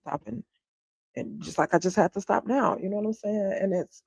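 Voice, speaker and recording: A woman livestreaming from home, a homeschooling mom speaking bluntly and swearing freely as she vents to her viewers. Her voice is husky and gravelly. The sound is dry and close, with little room echo. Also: medium pitch, normal speed, a little mellow. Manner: candid and venting, swears freely; talks straight to viewers, often asks if they follow her. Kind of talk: casual livestream chat.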